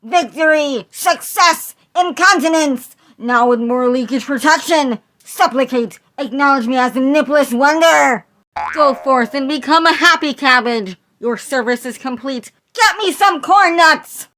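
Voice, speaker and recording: A woman voicing a manic, grandiose young male comic-strip hero in an amateur fan dub, shouting absurd proclamations. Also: high-pitched, a little slow. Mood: triumphant.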